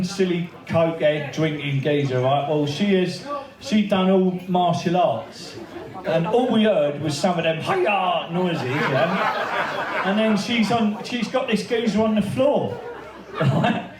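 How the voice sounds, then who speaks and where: Guy telling pub stories to a crowd, laughing and swearing, bit high voice, echoey room, mic far off. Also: takes it slowly. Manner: swearing, laughing storyteller who acts out the quoted voices. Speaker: speaker at a memorial birthday event. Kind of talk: anecdotal speech to a crowd. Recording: echoey room, heard from a distance.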